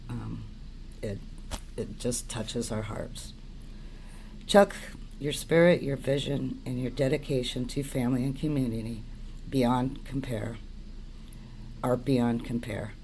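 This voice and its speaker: Earnest man reading a mellow tribute. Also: mid-range voice, fairly even intonation, gravelly, a little hiss or hum, rough recording. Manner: earnest and measured, with small slips. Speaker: friend giving a tribute.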